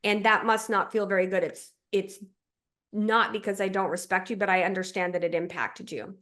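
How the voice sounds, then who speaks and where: A woman's voice: mid-range voice, fairly even intonation, normal speed, fairly bright tone. A woman who works as a relationship coach, speaking in a conversational podcast style and explaining ideas reflectively through everyday examples and checklists.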